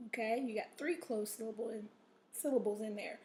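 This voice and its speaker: A woman teacher with a somewhat high voice records a reading lesson for young pupils. She talks patiently, stops often to check in with them, and reads passages aloud with expression to model it. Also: steady tone, fairly quick, darkish tone, slight background noise. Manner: patient, repeats "okay?" to check in.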